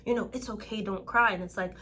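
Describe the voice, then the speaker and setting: Outspoken woman, bright animated voice. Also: medium pitch, fast, a little hiss or hum. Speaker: guest, empowerment coach. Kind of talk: candid podcast conversation.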